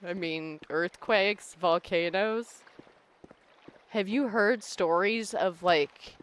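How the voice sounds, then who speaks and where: A woman chats casually on a game live stream. She rambles from point to point and laughs often, her voice sitting at an ordinary middle pitch. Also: takes it slowly, clean tone.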